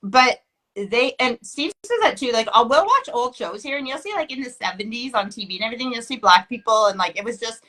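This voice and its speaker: A woman's voice: fairly high pitch, lively intonation, a little fast, pushed and bright. A woman from Canada with a Canadian accent, chatting casually and rambling, often breaking off mid-sentence. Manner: rambling, self-interrupting with many likes. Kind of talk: casual chat.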